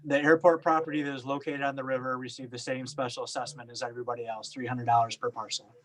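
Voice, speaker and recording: Staff man giving a report, mid-pitch, hesitant, lots of fillers. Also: flat delivery, fast, a bit bright, rough recording. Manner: plain, hesitant, many fillers. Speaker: township staff member. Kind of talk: formal report at a meeting.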